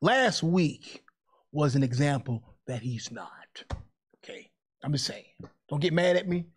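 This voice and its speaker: A man's voice: fairly high pitch, expressive, measured pace, husky. A man hosting a podcast, chatting casually and animatedly, laughing often and mixing jokes with preachy asides. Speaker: podcast host. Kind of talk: casual chat.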